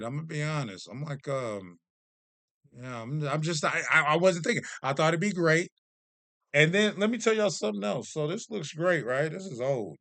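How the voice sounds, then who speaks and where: A man in his thirties or forties chatting to camera as a vlog host, telling stories in an animated, joking, self-deprecating way. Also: fairly high pitch, no room sound. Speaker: vlogger host. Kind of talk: casual chat to camera.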